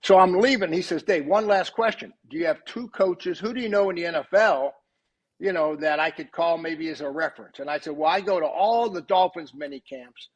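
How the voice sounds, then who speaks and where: A man's voice: on the high side, fairly quick, lo-fi sound. An older man, a retired coach and podcast guest, tells long anecdotes in a casual way and acts out the dialogue he quotes. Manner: animated storyteller who acts out quoted dialogue.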